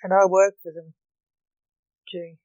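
A storyteller voicing a gloomy, moaning male ruler, slow and mellow. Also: medium pitch, little pitch movement, dry recording, lo-fi sound, close to an everyday voice. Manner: moaning, dour delivery. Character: gloomy Blake, a weary emperor figure, male.

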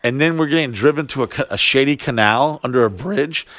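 A man's voice: medium pitch, fairly quick, a bit bright, no echo, studio quality. A man in his thirties telling a long party story in casual chat, rambling and swearing a lot. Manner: rambling, profane, heavy use of "like". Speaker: podcast guest telling a story.

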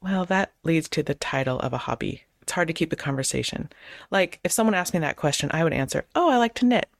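A woman host in her thirties giving casual advice on conversation, acting out both sides of sample chats in quick changes of voice. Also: deep voice, creaky, no room sound, studio quality. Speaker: podcast host; clergy.

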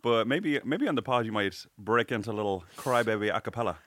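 A man's voice: on the low side, animated, fairly quick, a bit bright, no room sound, studio quality. A man from Ireland in his thirties, his accent now a blend of Irish and American, co-hosting a podcast and telling stories with lots of laughter and swearing. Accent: mixed Irish and American. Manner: chatty storyteller, laughs often, swears freely. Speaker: podcast co-host. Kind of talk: casual chat.

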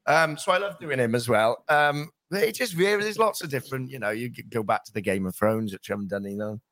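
A male voice actor and impressionist, talking in a lively, self-interrupting way during a casual interview. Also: mid-range voice, quick pace, dry recording, studio quality.

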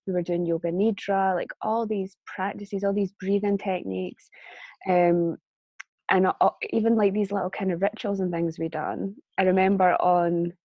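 A woman's voice: medium pitch, fairly even intonation, moderate pace, dry recording, muffled recording. A woman telling a personal story as a guest in a casual conversation, chatty and laughing often. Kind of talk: casual chat.

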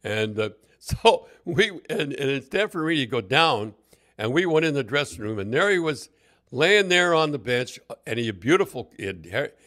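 A man's voice: mid-range voice, big pitch swings, normal speed, fairly bright tone. An older man telling stories in a rambling, casual way, often repeating his words and breaking into laughter. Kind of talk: casual anecdotal storytelling.

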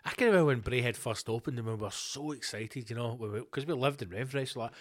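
A middle-aged Scottish man hosting a podcast, ranting alone in a sweary, animated, storytelling way. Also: medium pitch, quick pace. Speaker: podcast host. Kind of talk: casual solo rant.

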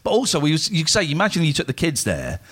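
A man's voice: fairly high pitch, wildly swooping pitch, quick pace, a bit bright. A man in casual conversation, rambling through funny stories and comic rants. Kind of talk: casual chat.

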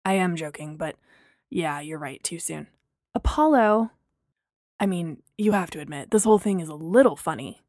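A woman voicing a young man who jokes wryly and apologizes in a low-key way, in an audio drama reading. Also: expressive, moderate pace, darkish tone, dry recording, clean studio sound. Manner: sheepish, wry, low-key.

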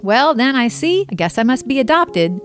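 A woman's voice: fairly high pitch, very animated, a little fast, a little mellow, soft background music, voice pushed up. A woman voicing her younger self as a curious, stubborn teenage girl pressing her parents. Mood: eager. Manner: eager, wheedling. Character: curious, pushy teen girl.

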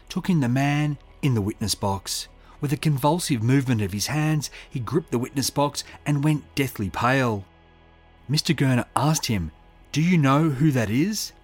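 A man giving measured, scripted true-crime narration and reading out quotes. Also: medium pitch. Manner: measured, reads quotes aloud.

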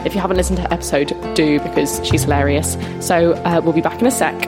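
A woman's voice: low voice, fairly even intonation, fast talker, loud music behind the voice. A woman co-hosting a theatre podcast, presenting in a chatty, upbeat way. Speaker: podcast co-host.

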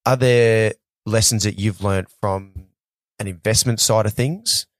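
A male host, a former cricketer, who asks long questions in a halting, casual way and searches for words as he goes. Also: on the low side, steady tone, dry recording, clean studio sound.

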